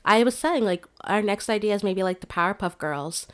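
A woman's voice: mid-range voice, lively intonation, a little fast, fairly bright tone. A young woman co-hosting a podcast, telling stories in a chatty, laughing way. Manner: chatty, storytelling, lots of "like" and laughter. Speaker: podcast co-host. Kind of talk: casual chat.

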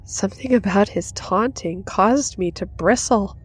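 A woman's voice: medium pitch, unhurried, slightly rough, dry recording. A woman reading a first-person horror story in a dramatic scripted narration. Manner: dramatic, rising to intense in action. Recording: soft music under the voice.

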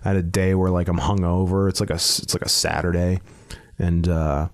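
A man's voice: sits low, little pitch movement, a little fast. A man in casual talk, telling a long story with stammered restarts, frequent swearing and chuckles between phrases. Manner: rambling, profane, stammering restarts, laughs mid-sentence. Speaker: comedian telling a story on a podcast.

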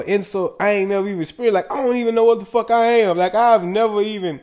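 A man's voice: high-pitched, steady tone, fast talker, hardly any pauses, a little mellow. A man talking in a loose, rambling solo monologue, swearing constantly and often breaking into laughter. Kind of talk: casual profane monologue.

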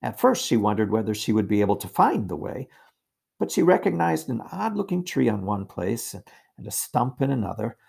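A man narrating a children's storybook in a measured reading voice. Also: mid-range voice, sing-song, gravelly, darkish tone, husky. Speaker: audiobook reader.

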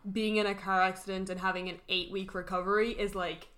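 A woman with a bright, crisp voice chatting about a book with a friend. She reacts with dry, joking asides and teasing commentary as the story is retold. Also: mid-range voice, little pitch movement, a little fast. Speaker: podcast co-host. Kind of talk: casual book discussion.

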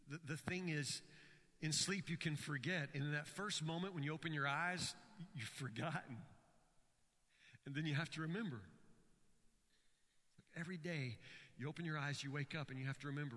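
A man's voice: fairly high pitch, sharp tone, big-room sound. A man preaching a sermon, telling stories with frequent stammered restarts. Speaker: pastor.

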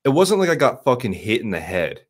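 A man's voice: mid-range voice, sing-song, brisk. A man in casual podcast chat, rambling and emphatic, swearing a lot with frequent restarts.

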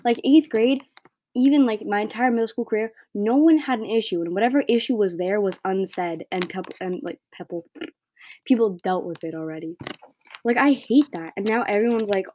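Chatty teen girl podcaster, dark voice. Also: mid-range voice, a little fast, a little hiss or hum. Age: teens. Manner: chatty, blunt, heavy use of "like" and "right?". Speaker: podcast host. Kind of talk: casual monologue podcast.

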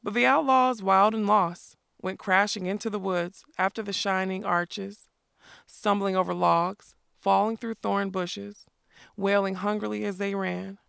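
Woman audiobook narrator, lyrical and measured, gravelly tone, dry close mic. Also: medium pitch, steady tone, fairly bright tone, no room sound.

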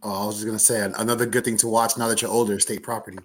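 A man's voice: lowish voice, flat delivery, racing. A man co-hosting a casual podcast, joking and roasting the others. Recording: crowd noise behind.

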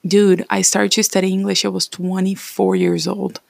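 A woman from Brazil in her thirties, speaking English with a Brazilian Portuguese accent, chats casually and wanders from thought to thought. Her voice sits a little low, with gravelly fry and a breathy, husky edge. The sound is close and dry. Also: little pitch movement, normal speed, darkish tone, no room sound. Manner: chatty, rambling, encouraging. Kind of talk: casual personal vlog.

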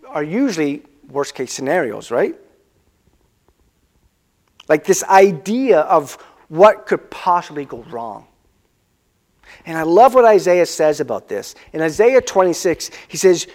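A male pastor giving a conversational sermon, asking the listeners questions and slowing down to stress key words. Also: on the high side, sing-song, darkish tone.

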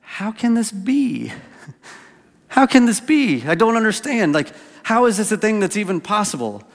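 A man's voice: sits high, very animated, very slow, creaky, bright, forceful tone, big-room sound, pitched above the performer's own voice, exaggerated voice. A man voicing an amazed, bewildered old scholar. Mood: wondering. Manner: incredulous, wondering questions. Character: bewildered older male scholar, full of wonder.

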